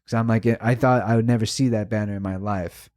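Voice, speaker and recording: A man co-hosting a podcast, telling a story in casual chat, emotional and animated, swearing a lot. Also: lowish voice, brisk. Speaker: podcast co-host.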